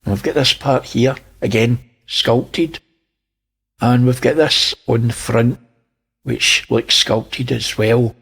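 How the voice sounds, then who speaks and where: Slow gravelly Scottish man. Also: mid-range voice, a bit bright. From Scotland. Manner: slow, pointing things out, wry asides. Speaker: channel host. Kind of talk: narrating image analysis.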